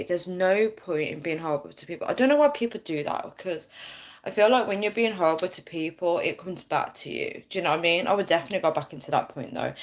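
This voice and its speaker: A woman in her thirties hosting a casual phone live stream, chatty and bubbly, reading out viewer comments. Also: on the low side. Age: 30s. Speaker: livestream host.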